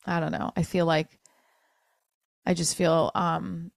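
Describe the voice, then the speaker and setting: Slowly and flatly, a woman with a lowish, gravelly voice hosts her podcast alone, pouring out an emotional, self-critical monologue full of swearing and restarted sentences. The sound is clean studio audio with no room sound.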